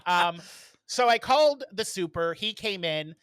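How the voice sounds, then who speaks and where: A man co-hosting a podcast, telling stories in casual chat with lots of ums and quick laughs. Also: high-pitched, animated, fairly bright tone, smooth, dry recording. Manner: storytelling with many fillers and laughs. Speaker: podcast co-host.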